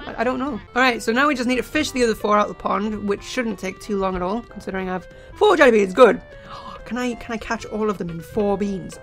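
A woman hosting a let's play, giving excitable gameplay commentary into a desk microphone, often shouting and laughing at the game. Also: medium pitch, fast talker, soft background music.

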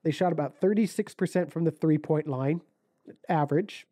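A man with a fairly high but very dark, mellow voice walks through a game's stats on a casual sports podcast, stumbling and restarting as he goes. The recording is close and dry. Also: moderate pace, dry recording. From Ohio. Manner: stat-reading recap with frequent restarts. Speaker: podcast co-host.

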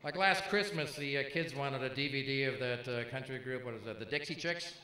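A man's voice: mid-range voice, bright, forceful tone. A man in his fifties doing a stand-up comedy routine, punchy and teasing, working the crowd. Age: 50s. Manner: punchy, teasing crowd work with quick jokes. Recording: live club, echoey with crowd noise. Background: audience laughter.

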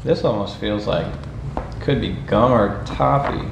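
A man's voice: fairly low pitch, a little slow, vocal fry. A man chatting casually while unboxing snacks, teasing his co-host and laughing often. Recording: roomy echo with background noise.

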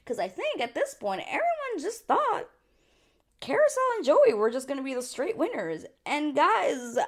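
A woman recapping a reality show in casual chat, animated and laughing, slipping into quick voices when quoting people. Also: sits high. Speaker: TV recap host.

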